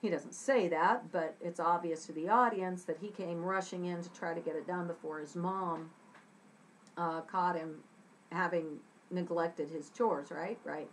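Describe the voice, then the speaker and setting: A woman's voice: on the low side, fairly even intonation, measured pace, slight background noise, rough recording. A woman teaching a scriptwriting lesson to young students. She acts out short example lines in different voices and checks in often with "okay?".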